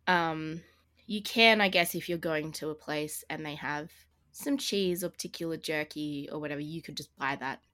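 A woman's voice: low-pitched, normal speed, pushed and bright. A woman co-hosting a casual tabletop-game podcast, rambling and laughing often. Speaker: podcast co-host. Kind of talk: casual chat.

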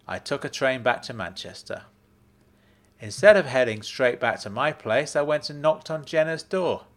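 A man narrating a first-person story in a measured, matter-of-fact way. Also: mid-range voice, expressive, a bit bright.

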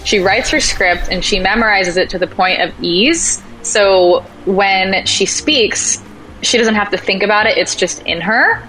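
A woman talking casually as a podcast guest, animated, acting out quoted voices as she tells stories. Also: medium pitch, measured pace, rough recording. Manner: animated storyteller, acts out quotes. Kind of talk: casual conversation.

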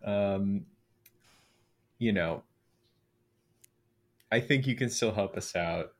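Hesitant, lower-voiced man at a game table. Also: slow pace. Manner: hesitant, stammering questions. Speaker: player. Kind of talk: casual tabletop play.

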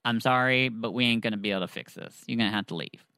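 A man's voice: on the low side, quick pace, vocal fry, sharp tone, clear, resonant tone, dry recording. A man voicing an apologetic builder delivering bad news. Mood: resigned.

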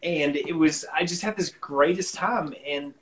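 A man with a soft Alabama drawl tells a casual story on a live stream. He is relaxed and rambling, with plenty of ums and restarts. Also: on the high side, a little slow, rough recording. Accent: Alabama Southern US. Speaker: guest musician.

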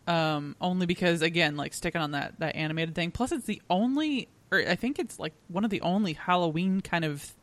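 A woman co-hosting a podcast, chatty and halting, laughing often. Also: on the low side, no echo. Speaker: podcast co-host. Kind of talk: casual chat.

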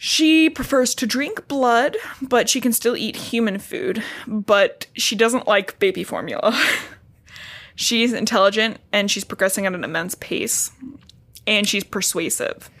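Woman on a podcast retelling a book chapter by chapter, sarcastic and sweary, mid-pitched, throws in quick little voices for the characters. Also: fairly bright tone. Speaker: podcast co-host recapping a book.

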